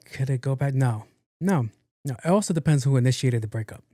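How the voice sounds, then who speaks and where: A man's voice: medium pitch, expressive, moderate pace, mellow, dry recording, studio quality. A man hosting a solo podcast in casual, blunt, profane talk, joking and acting out the people he quotes. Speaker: podcast host.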